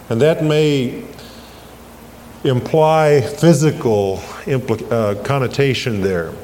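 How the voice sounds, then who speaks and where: A man's voice: mid-range voice, a little mellow. A man preaching a sermon, stressing scripture quotes and putting questions to his congregation. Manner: emphatic, slows down and swells on scripture quotes, asks the congregation questions. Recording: long hall reverb with faint ambient noise, 1980s church recording.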